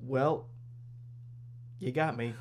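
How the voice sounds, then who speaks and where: A man's voice: medium pitch, steady tone, a little hiss or hum. A man hosting a podcast, casual joking banter with his co-host. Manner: joking, easygoing, quick back-and-forth.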